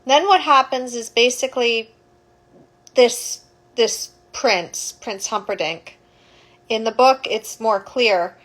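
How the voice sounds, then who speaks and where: A woman's voice: on the high side, slow pace, fairly bright tone, low-quality recording. A woman, a childbirth educator, retelling a story casually, rambling and correcting herself as she goes.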